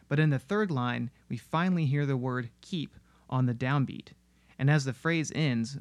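A man's voice: mid-range voice, creaky, no echo. Man narrating a music analysis. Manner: analytical, steady explainer. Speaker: music video essayist. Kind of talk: scripted narration explaining music.

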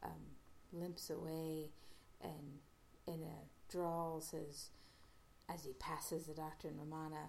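A woman casually retelling an episode's plot as a podcast host, halting often with fillers and restarts. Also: low voice, level tone, vocal fry, a little mellow, a little hiss or hum.

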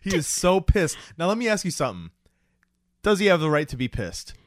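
A man's voice: a little high, fairly quick, dry recording, studio quality. A man co-hosting a casual chat, animatedly recapping a TV episode and acting out lines. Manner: animated, acts out quotes in funny voices. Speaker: podcast co-host.

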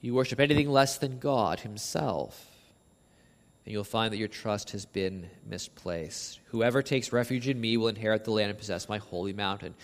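A man preaching an expository sermon with passion. He repeats words as he builds a point, swings between near shouts and low slow passages, and reads scripture aloud. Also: big-room sound. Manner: impassioned, rising to near shouts on quoted verses, then dropping low and slow.

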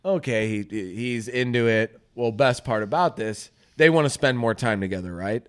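A man of ordinary pitch hosts a casual comedy show. He tells stories in a loose, profane way, slipping into the voices of the people he describes. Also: normal speed. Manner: animated, profane, storytelling with acted-out quotes. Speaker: radio show host.

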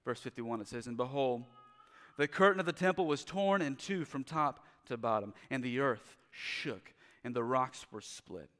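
A male pastor preaching a sermon. He moves from loud, urgent emphasis to quiet, low passages. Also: lively intonation, moderate pace, in a large hall.

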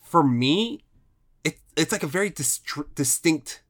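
A man's voice: on the high side, lively intonation, slow pace, fairly bright tone. A man co-hosting a casual film chat, rambling with restarts and casual swearing.

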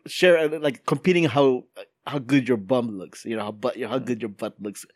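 A man hosting a casual podcast chat, animated and laughing often as he reads out news items. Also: mid-range voice, normal speed, no echo, studio quality. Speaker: podcast host. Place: London.

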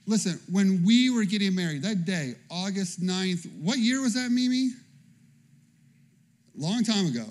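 A man's voice: sits high, normal speed, few pauses. A man in his thirties or forties preaching a sermon in a chatty, humorous way, telling personal stories and often checking in with "okay?". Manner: animated, conversational preaching with frequent "okay?". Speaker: pastor.

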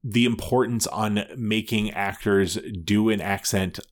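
A man's voice: fairly low pitch, fairly even intonation, unhurried. A man co-hosting a podcast, chatting casually, swearing often and restarting his sentences. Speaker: podcast co-host. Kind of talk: casual chat.

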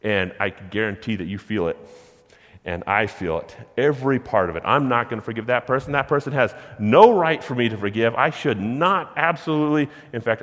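A man preaching a sermon, slowing down on key words and swinging between hushed and loud. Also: fairly low pitch, long reverb tail. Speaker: pastor. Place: church sanctuary.

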